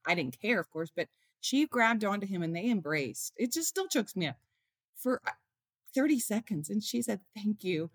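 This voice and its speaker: A woman's voice: mid-range voice, lively intonation, normal speed, no echo, clean studio sound. Earnest woman telling stories in an interview. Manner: earnest, tells stories with quoted dialogue. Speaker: author and mother, interview guest. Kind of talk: heartfelt storytelling in an interview.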